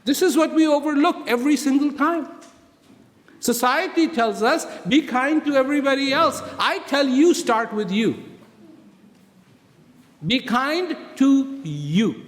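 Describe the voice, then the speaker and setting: A man giving a motivational talk to prison inmates, speaking slowly and deliberately and asking many rhetorical questions. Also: very high-pitched, lively intonation. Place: prison hall. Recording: reverberant hall.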